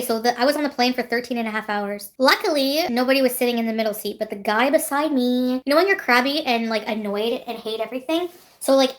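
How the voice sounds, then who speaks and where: A woman from Canada, streaming and chatting casually, blunt and swearing freely as she tells stories with laughs. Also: a little high. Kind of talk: casual livestream chat.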